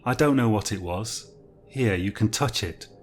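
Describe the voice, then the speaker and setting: A man voicing an unsettling foreign male bartender who stares too long, in a low, plain storybook reading. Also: moderate pace, faint music behind, lightly acted. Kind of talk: storybook narration.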